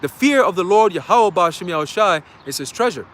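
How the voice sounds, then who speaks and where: A man's voice: high-pitched, animated, fairly quick, a bit bright, slight background noise. A man preaching a dramatic, slangy sermon outdoors in a city, often checking in with his listeners. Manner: emphatic, checks in with "okay?". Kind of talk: street sermon.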